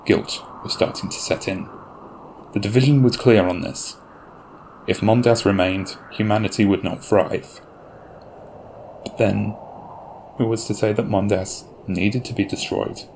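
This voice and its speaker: A man narrating a fan audio drama in a measured, grave storytelling manner. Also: fairly low pitch, fairly even intonation, a little mellow, a little hiss or hum.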